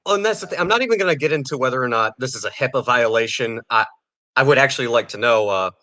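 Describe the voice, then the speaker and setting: A man co-hosting a casual banter podcast, his voice bright and forceful. He picks apart news items with dry sarcasm and often chuckles between his points. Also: mid-range voice, lively intonation, fast. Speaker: podcast co-host.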